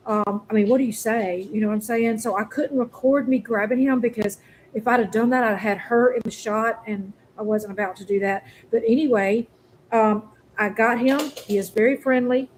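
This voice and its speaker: Casual woman, pitched a bit high, chatty and repetitive, phone-recorded. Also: fairly even intonation, normal speed, a little mellow, a little hiss or hum, poor audio. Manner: rambling, chatty, repeats herself. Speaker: cat rescuer vlogger. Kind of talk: casual vlog update. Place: hot day, in or near her truck.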